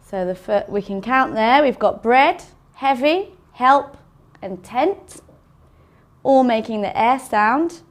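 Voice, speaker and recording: A woman teaching an English phonics lesson, sounding out words slowly and carefully for learners. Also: on the high side, lively intonation. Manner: slow, careful enunciation of sounds.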